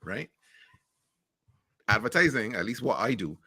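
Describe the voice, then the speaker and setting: Middle-aged caribbean guy on a podcast, blunt and joking, bright lively voice, dry close sound. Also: medium pitch, a little slow, slightly rough, dry recording. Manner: frank, blunt storytelling with swearing and jokes. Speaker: podcast guest, marketing executive. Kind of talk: casual interview chat.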